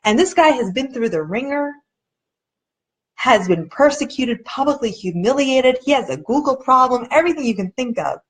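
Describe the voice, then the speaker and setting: A woman's voice: expressive, normal speed. A woman hosting a casual live video chat, talking earnestly and conversationally, often acting out what other people said and sometimes restarting as she searches for words. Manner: earnest, conversational, acts out quoted people with shifting pitch.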